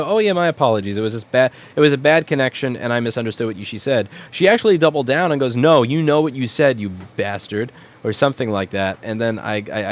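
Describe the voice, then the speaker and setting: A young man hosting a casual livestream, answering viewers' questions in a blunt, rambling, profane way. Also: mid-range voice. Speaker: livestream host, repair shop owner.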